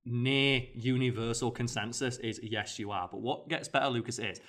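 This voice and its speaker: A man's voice: medium pitch, fairly even intonation, normal speed, fairly bright tone. A man, co-hosting a podcast, telling a story animatedly with quoted voices. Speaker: podcast co-host. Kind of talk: casual chat.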